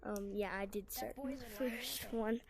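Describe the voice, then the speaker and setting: A woman's voice: a little high, fairly even intonation, a little slow, gravelly, breathy edge. A woman casually chatting while playing a VR game, playfully chanting a catchphrase over and over. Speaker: VR gamer vlogger. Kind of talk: casual gameplay chat.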